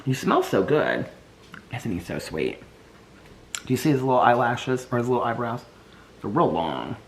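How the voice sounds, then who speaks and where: A man's voice: mid-range voice, very animated, normal speed, a little hiss or hum. A man vlogging casually at home, cooing to his puppies and rambling through stories. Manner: doting baby talk to his dogs, rambling asides. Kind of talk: casual daily vlog. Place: home, indoors.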